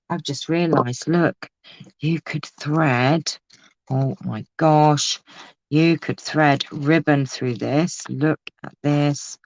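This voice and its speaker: A woman's voice: low-pitched, a little mellow, dry recording, lo-fi sound. Chatty woman, exclamatory crafter. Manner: chatty, exclamatory, laughs often. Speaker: crafting vlogger. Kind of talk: casual live crafting chat.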